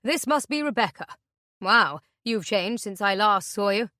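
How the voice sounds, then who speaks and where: A woman's voice: medium pitch, expressive, unhurried, dry recording, clean studio sound. A woman reading an audiobook, voicing a menacing middle-aged man who mocks and threatens his captives. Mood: mocking. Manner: sinister, mocking, shouting.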